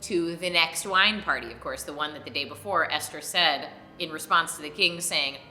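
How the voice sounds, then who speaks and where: A woman rabbi, a bit tipsy, retelling an old story as comedy and jumping into loud voices for the characters. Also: sits low, normal speed, echoey room, soft background music.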